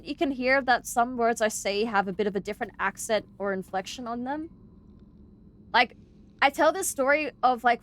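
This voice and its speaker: A young Australian woman streaming a game, chatting along in a loose, rambling way full of "like"s. Her voice sits a little high for a woman, and some of her R's lean slightly American. She sounds close to a desk mic. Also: fairly bright tone. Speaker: VTuber streamer. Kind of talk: casual gameplay chat.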